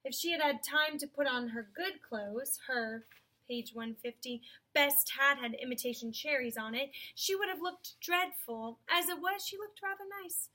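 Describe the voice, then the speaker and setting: Woman reader, high and bright, reading a children's novel aloud in an informal way. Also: normal speed. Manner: unpolished, calls out page numbers. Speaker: audiobook reader.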